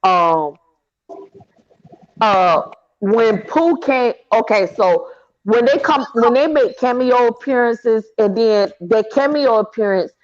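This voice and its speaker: A woman's voice: a little high, takes it slowly, highs cut off. A woman in casual chat, telling stories with hollers and laughter over call audio. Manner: animated storyteller, hollers and laughs.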